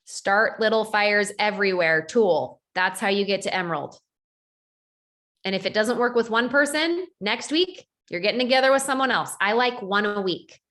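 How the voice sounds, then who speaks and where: A woman coaching her team in a lively motivational talk, dropping in lots of "like" and "right?". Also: medium pitch, normal speed. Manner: animated, acts out quoted voices, frequent "like" and "right?". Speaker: network marketing team leader.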